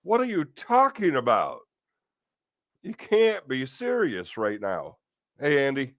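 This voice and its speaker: A man's voice: medium pitch, huge pitch swings, takes it slowly, a bit bright, no room sound. A man hosting a casual talk stream, ranting in exasperation with rhetorical questions and the odd curse. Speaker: host of a live talk stream.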